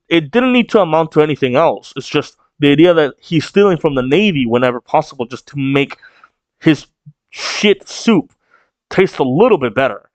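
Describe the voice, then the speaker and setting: A man's voice: a little high, no room sound, dull audio. Rambling man reacting to a manga chapter. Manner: rambling, heavy use of "like" fillers and swearing. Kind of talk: casual reaction commentary.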